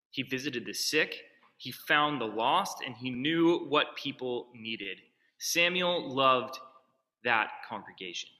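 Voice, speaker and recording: Bright-voiced male pastor in echoing church. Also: a little high. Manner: conversational storytelling with asides. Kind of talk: sermon. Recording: long reverb of a large hall.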